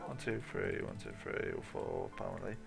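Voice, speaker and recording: A man's voice: low voice, wildly swooping pitch, moderate pace, creaky, loud music behind the voice. A man giving a goofy, sweary running commentary while playing a video game. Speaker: gaming channel host. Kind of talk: casual let's-play commentary.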